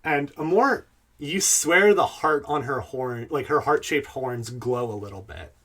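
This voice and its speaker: A man's voice: mid-range voice, a little slow, fairly bright tone, breathy edge. A man running a tabletop game as game master, narrating in a loose, hesitant way with fillers.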